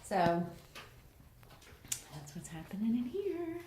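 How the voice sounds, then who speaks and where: A woman's voice: on the low side, a little slow, pauses often, noisy background. A mother giving a casual, rambling walking tour of her messy house, sounding tired and plain-spoken. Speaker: mother vlogging a home tour. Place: house, indoors and around the yard.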